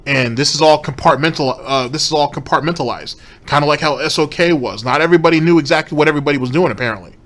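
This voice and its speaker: A man's voice: fairly high pitch, quick pace, few pauses, fairly bright tone. A man giving blunt, profane reaction commentary, driving points home with repetition.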